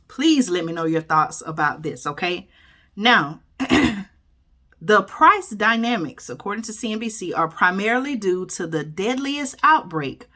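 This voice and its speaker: This YouTube host has a lowish voice that comes across bright and forceful. She reads a news article in a casual, chatty way, commenting throughout, tagging "okay?" and "y'all" onto her lines and stumbling before she sets things right.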